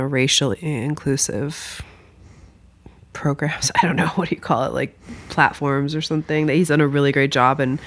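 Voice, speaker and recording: A woman's voice: sits low, vocal fry. A woman co-hosting a podcast in casual chat, hesitant with many fillers, losing her voice. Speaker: podcast co-host.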